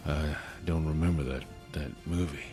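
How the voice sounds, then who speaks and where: A man putting on a bewildered American action hero for a comedy podcast, with a rough, gravelly voice that sits extremely low and rumbling. He keeps harping on his wife and family in a hoarse growl over faint music. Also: steady tone, moderate pace, mellow. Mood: gruff.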